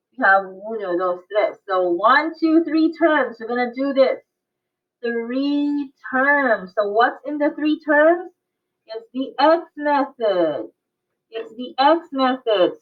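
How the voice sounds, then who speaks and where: A woman math teacher teaching an online class, coaxing and quizzing her students and laughing often. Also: high voice. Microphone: video call. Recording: tinny phone-like audio.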